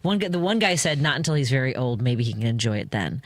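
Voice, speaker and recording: A woman's voice: extremely low pitch, very animated, fast, no echo. A woman hosting a radio talk show, telling a travel story in a chatty way with many fillers and restarts. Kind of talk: casual radio chat.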